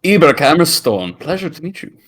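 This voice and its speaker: A man's voice: fairly high pitch, sing-song, brisk, fairly bright tone, breathy edge, voice pushed up, exaggerated voice. A man voicing a polite, formal male dwarf adventurer in a tabletop game. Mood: courtly.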